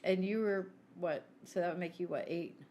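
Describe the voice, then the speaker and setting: A middle-aged woman shares a family story on a podcast, lively and conversational. She acts out what people said. A faint noise sits under her voice. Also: normal speed. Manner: animated, acts out quoted people with big pitch jumps. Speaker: podcast co-host. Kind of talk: casual storytelling chat.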